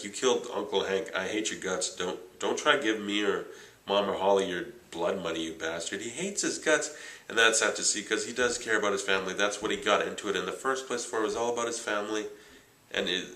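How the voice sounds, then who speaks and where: Low voiced guy doing a casual show review, forceful and keyed up, echoey room. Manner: chatty, excitable recapping with lots of "like".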